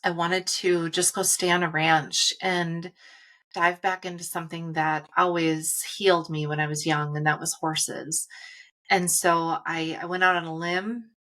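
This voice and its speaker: Bright-voiced woman guiding a calm reflection. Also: on the low side. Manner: calm, guiding, slows down for stillness. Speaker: podcast co-host. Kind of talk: reflective spiritual talk.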